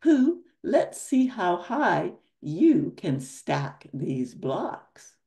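A woman reading aloud as a cheerful young boy who leads his friends at play, in her own slow, gravelly storybook voice. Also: lowish voice, very animated, dark tone, full character voice.

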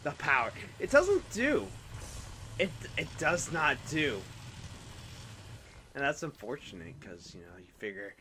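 A man's voice: fairly high pitch, huge pitch swings, unhurried, fairly bright tone. A young man giving casual, rambling, self-mocking commentary while playing a video game. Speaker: let's play host.

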